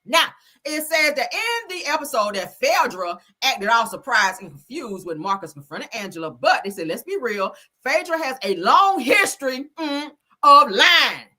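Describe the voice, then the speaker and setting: A woman's voice: high-pitched, normal speed. A woman hosting a celebrity gossip stream in casual, sassy commentary, swearing freely and acting out quotes. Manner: sassy, animated, acts out quotes in voices; swears freely, chatty slang.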